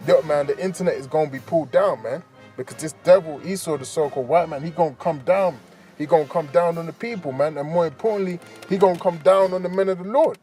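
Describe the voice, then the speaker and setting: A man preaches in a loose, conversational way, tacking "man" and "right?" onto nearly every line. His voice sits a bit high for a man. Faint music plays quietly underneath. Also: fast talker. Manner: casual, keeps ending phrases with "man, right?". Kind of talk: preaching commentary over a news clip.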